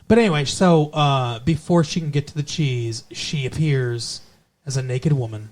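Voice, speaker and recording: A man's voice: medium pitch, moderate pace, darkish tone. A man co-hosting a podcast, recapping an episode in a rambling, casual way with many fillers. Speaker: podcast co-host.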